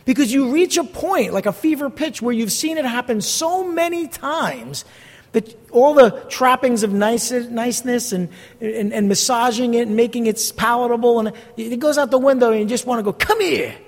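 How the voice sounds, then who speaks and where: A man's voice: very high-pitched, normal speed. A middle-aged man preaching a sermon as pastor, earnest, blunt and emphatic as he teaches from scripture. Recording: long hall reverb.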